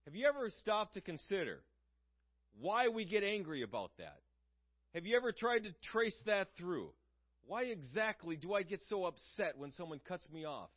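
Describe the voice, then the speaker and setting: A man's voice: high voice, sing-song, normal speed, highs cut off. A man preaching a sermon in an earnest, conversational way, asking his listeners questions.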